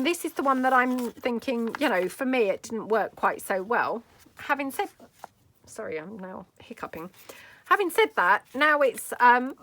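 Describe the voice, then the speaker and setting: There's slight background noise behind this woman's mid-range, somewhat bright voice. Hosting a laid-back craft tutorial from her craft table, she chats rambly, with plenty of "you know" and friendly asides.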